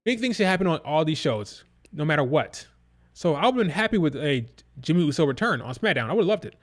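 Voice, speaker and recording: A man's voice: a little high, sing-song, brisk. A man hosting a wrestling review stream, ranting in a blunt, exasperated way and swearing casually.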